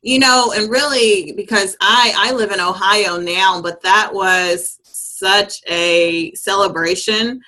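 Earnest woman with a bright voice. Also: medium pitch, slow pace, few pauses, rough recording. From Kentucky, USA. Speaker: guest. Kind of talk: casual chat.

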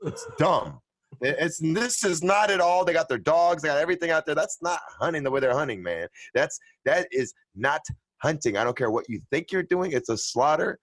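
A man co-hosting a casual chat, ranting with heavy swearing and bursts of loud laughter. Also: fairly high pitch, lively intonation, brisk, no echo. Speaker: podcast co-host. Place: at home with a dog nearby.

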